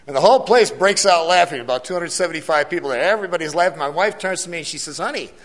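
Speaking very fast in a rather high voice, a church elder delivers an earnest testimony to his congregation. He repeats his key lines and asks the crowd questions, with the church hall's long reverb behind him.

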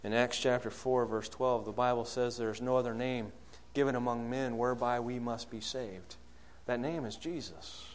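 A man's voice: steady tone, normal speed, hardly any pauses. Man preaching a sermon. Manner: rises loud and high when acting out quoted prayers, drops low and soft on key lines; asks the congregation questions.

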